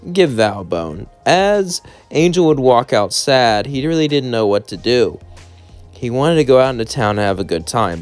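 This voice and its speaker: A man's voice: medium pitch, darkish tone. Man casually rambling through a fan story. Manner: rambling, with fillers.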